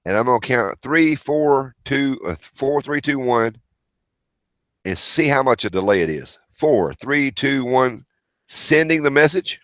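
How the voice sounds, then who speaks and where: A man's voice: medium pitch, expressive, unhurried, a bit bright, dry recording. A man hosting a casual livestream, rambling as he reads viewer chat and calls out names. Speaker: livestream host.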